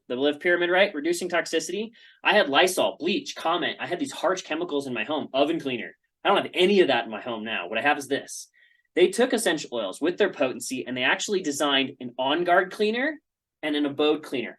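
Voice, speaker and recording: A man's voice: fairly high pitch, fairly bright tone, rough recording. A man giving a casual presentation, talking in a chatty storytelling way with frequent asides.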